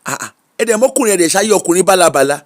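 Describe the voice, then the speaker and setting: A Nigerian woman talks through celebrity gossip as the host of her own show. She is exclamatory and unscripted, throwing in Pidgin and Yoruba asides as she reacts. The delivery is a relaxed, casual commentary. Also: fairly low pitch, racing.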